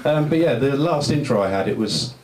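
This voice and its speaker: This comedian's mid-range voice is animated, a little fast and a little mellow. On stage at a live venue he rambles, mocks himself and banters with the audience, whose laughter fills the roomy space.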